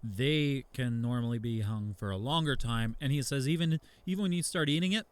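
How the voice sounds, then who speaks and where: A man's voice: mid-range voice, fairly quick. Easygoing man co-hosting a beer podcast. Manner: easygoing, rambling with fillers. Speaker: podcast co-host. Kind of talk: casual chat.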